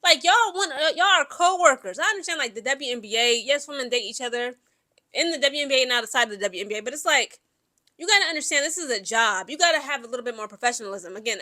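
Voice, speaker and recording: A young adult woman talks through her opinions, animated and opinionated, with plenty of filler words. Her voice sits high and sounds bright and forceful, with a lively, chatty delivery. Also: fast talker. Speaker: commentary vlogger. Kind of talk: casual opinion commentary.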